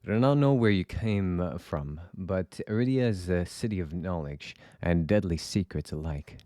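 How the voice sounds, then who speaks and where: A man voicing a calm, courteous male doctor who speaks quietly and formally. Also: deep voice, moderate pace, dry recording, clean studio sound. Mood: reserved. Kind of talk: reading game dialogue aloud.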